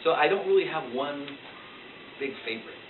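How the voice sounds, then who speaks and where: A man who tells stories for a living talks in a playful, animated way. He sits at some distance from the mic in an echoey library. The sound is thin and phone-like, with steady background noise. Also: a little high, brisk. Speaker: storyteller being interviewed. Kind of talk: casual interview answers. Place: school library. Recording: tinny, distant, echoey and noisy.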